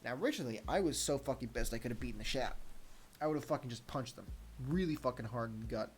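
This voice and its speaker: A man's voice: mid-range voice, fast, slight background noise. A young man hosting a solo podcast, telling a story in a heated, profane rant. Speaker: podcast host.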